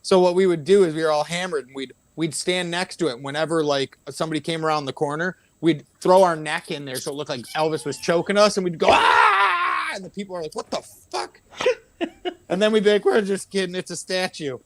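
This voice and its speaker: A man's voice: fairly high pitch, fast talker, no room sound. A man in casual chat, telling rowdy stories with lots of swearing and acted-out quotes. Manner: animated, profane storyteller acting out quotes.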